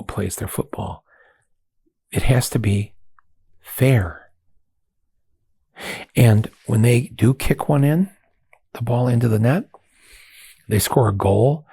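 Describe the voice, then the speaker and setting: An older man from the United States, a podcast host, telling a story in a casual, animated way and mimicking chants and other voices. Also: medium pitch, takes it slowly, vocal fry, long pauses, breathy edge, no room sound, studio quality.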